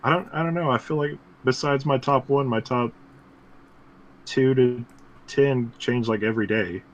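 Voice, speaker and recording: A man's voice: medium pitch, moderate pace, lo-fi sound. A man co-hosting a casual podcast, making joking, wry asides.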